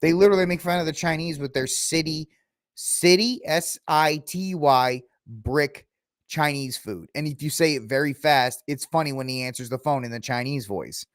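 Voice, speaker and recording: A man's voice: on the high side, normal speed, no echo, studio quality. A man hosting his own podcast, giving a ranting, sarcastic solo commentary with mocking asides. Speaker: podcast host.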